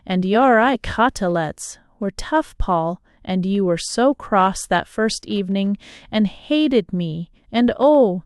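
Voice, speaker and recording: A woman's voice: medium pitch, animated, a little mellow, no echo, studio quality. A woman voicing a lingering, seductive lady. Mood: coaxing. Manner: slow, lingering, playfully seductive. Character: alluring, teasing foreign lady, mature.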